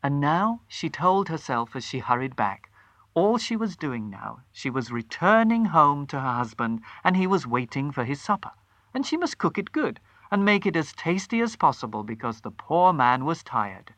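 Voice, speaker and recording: A storyteller reading a short story aloud with a dramatic, animated delivery. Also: mid-range voice, moderate pace, no room sound.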